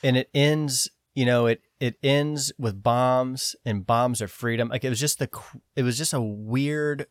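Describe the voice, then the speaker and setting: A man co-hosting a podcast in casual chat, animated and sometimes breaking into shrill mocking voices. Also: a little slow, hardly any pauses, no room sound, studio quality. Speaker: podcast co-host.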